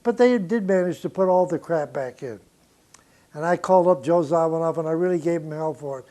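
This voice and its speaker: High-voiced older man telling blunt stories. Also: a little fast. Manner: animated, blunt and profane, laughing between stories. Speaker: record producer. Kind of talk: recounting studio anecdotes in an interview.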